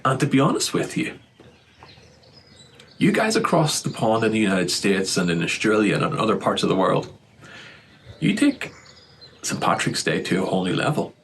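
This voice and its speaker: An Irish man musing earnestly in a casual monologue, recorded outdoors in the morning with loud birdsong behind him. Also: on the low side, sing-song, moderate pace, pauses often, slight background noise, low-quality recording. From Ireland. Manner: thoughtful, earnest, building to heated. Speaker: vlogger.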